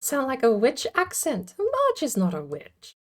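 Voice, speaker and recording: A woman chats away during a streamed card game, playful and quick to laugh. Her voice sits a little on the high side, and she talks in a loose, easygoing way. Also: huge pitch swings. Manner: chatty, playful, laughs often. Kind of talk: casual chat while gaming.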